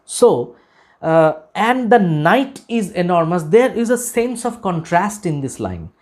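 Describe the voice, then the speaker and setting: A man lecturing on a poem, deliberate and emphatic, repeating key phrases and pausing often with "uh". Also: high voice, big pitch swings. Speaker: literature lecturer. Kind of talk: recorded lecture explaining a poem.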